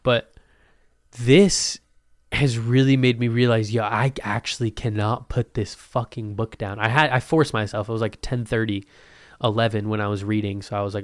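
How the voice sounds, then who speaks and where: A man's voice: lowish voice, steady tone, no room sound, clean studio sound. Swearing young man rambling casually. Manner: loose, profane, joking, puts on quick voices. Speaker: vlogger. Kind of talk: casual chat to camera.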